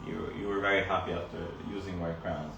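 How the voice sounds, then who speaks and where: A man's voice: low-pitched, flat delivery, fast talker, vocal fry, a bit bright, slight background noise. A man dentist in casual chat with a colleague, agreeable and brief, sometimes stumbling over his words. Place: dental clinic. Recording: echoey room, far from the mic.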